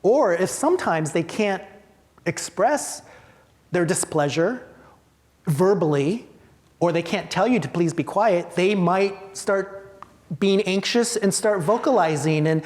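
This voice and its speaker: Leading a training for theater staff, a man speaks in a high-pitched, animated, darkish voice without hurrying. He talks emphatically, poses rhetorical questions, and acts out reactions, all within a long hall reverb.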